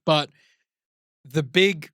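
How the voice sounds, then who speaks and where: Animated man swearing freely. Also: fairly high pitch, very slow, clear, resonant tone, dry recording, studio quality. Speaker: podcast co-host. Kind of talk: casual chat.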